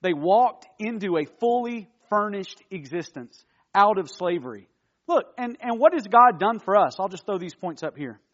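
A man preaching a casual, animated youth sermon, firing rhetorical questions at his listeners. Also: high voice, normal speed, lo-fi sound. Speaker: youth pastor.

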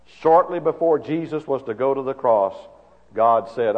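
A male preacher delivers a sermon with dramatic swings between hushed and loud passages, stretching out his key words. His voice sits at a middle pitch. The recording is dull and carries a long reverb from a church sanctuary. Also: sing-song. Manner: drawn-out emphatic phrasing.

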